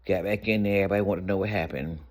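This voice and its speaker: Man, deep voice, casual storytime vlogger, candid and conversational. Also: fairly even intonation, racing, darkish tone. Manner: candid, conversational, rambling with restarts.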